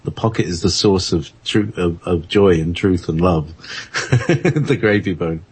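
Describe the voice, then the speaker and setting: A man hosting an internet radio show, chatting in a halting, rambling way with lots of fillers and frequent laughter. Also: low voice, slightly rough. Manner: halting, many fillers and restarts, laughs often. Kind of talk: rambling casual chat on air.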